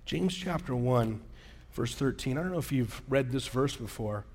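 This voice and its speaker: A man's voice: mid-range voice, animated, normal speed, darkish tone, a little hiss or hum. A male pastor giving a sermon in a casual, storytelling way, acting out the quoted dialogue of his anecdotes.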